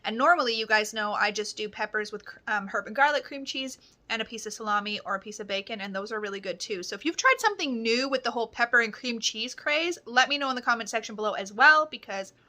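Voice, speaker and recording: A woman's voice: a little high, animated, quick pace, sharp tone. A woman vlogging casually at home, chatting cheerfully while she cooks. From Canada. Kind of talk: casual chat.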